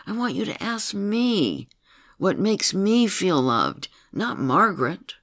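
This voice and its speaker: A man's voice: high-pitched, big pitch swings, slow pace, a bit bright, dry recording, clean studio sound, voice pushed up, heavily acted. A man doing an angry, lonely inner little girl. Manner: hurt and accusing.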